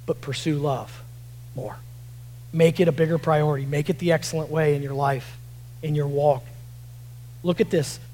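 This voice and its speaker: A man preaching a sermon, rising to shouts at moments of emphasis and dropping low while reading scripture, often repeating words and restarting phrases. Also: a little hiss or hum, rough recording. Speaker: pastor.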